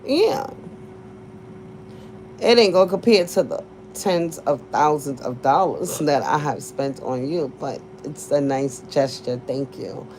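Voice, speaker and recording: A woman's voice: low-pitched, animated, a little slow, darkish tone, slight background noise. Blunt, profane woman in her forties. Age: 40s. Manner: blunt, profane, laughs often. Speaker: vlogger. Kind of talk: casual storytelling to viewers.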